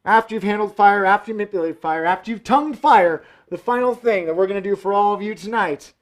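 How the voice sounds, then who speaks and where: A man's voice: sits high, fast talker. A man performing fire tricks from home for a live stream, joking and hyping up the audience. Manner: playful, joking, hyped-up showman. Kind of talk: live-streamed show banter. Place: home room indoors.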